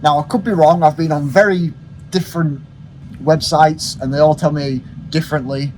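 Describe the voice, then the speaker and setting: A man lays out a car's specs plainly and steadily while his co-host jokes around. His voice is slightly high for a man, with faint outdoor noise behind him. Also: fairly even intonation, moderate pace, a little mellow, poor audio. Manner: matter-of-fact, explains specs. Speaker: car reviewer. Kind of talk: casual car review.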